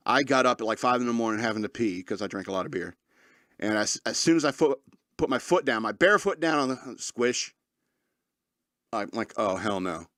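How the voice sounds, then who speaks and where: A man's voice: mid-range voice, a bit bright, no echo, clean studio sound. A man in his forties hosting his own podcast, telling a rambling comedic story with frequent laughs and mock-angry outbursts. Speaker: podcast host. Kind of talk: casual comedic monologue.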